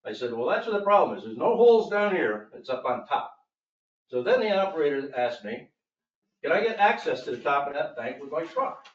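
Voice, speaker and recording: A man's voice: fairly high pitch, sing-song, fairly quick, echoey room, recorded from a distance, muffled recording. A man speaking at a public board meeting, telling his complaint with emphatic, aggrieved storytelling and quoting others. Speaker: property owner speaking at public comment.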